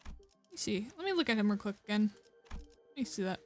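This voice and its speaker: A woman's voice: medium pitch, sing-song, fairly quick, long pauses, faint music behind. A woman streaming a game, rambling in casual commentary and stumbling over names.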